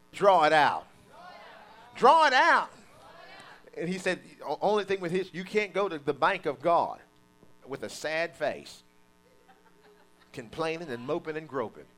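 A man preaching a sermon, calling on the congregation to repeat after him and acting out quoted voices. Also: mid-range voice. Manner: animated preaching with call-and-response and mock quotes.

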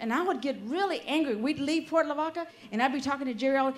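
A woman's voice: high-pitched, quick pace. An older woman preaching a sermon, fervent and peppered with amens and hallelujahs, telling personal stories with asides.

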